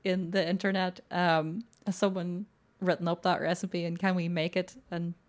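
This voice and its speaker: A woman's voice: lowish voice, moderate pace. A woman co-hosting a casual film podcast, talking with lots of fillers and frequent laughter. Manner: animated, laughs often, many fillers. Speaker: podcast co-host.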